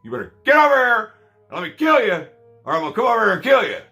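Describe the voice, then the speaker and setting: Man doing a shrill yelling killer. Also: sing-song, fast talker, creaky, soft background music, exaggerated voice. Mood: menacing taunting. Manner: yelling, high-pitched threats. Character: unhinged male killer taunting passersby.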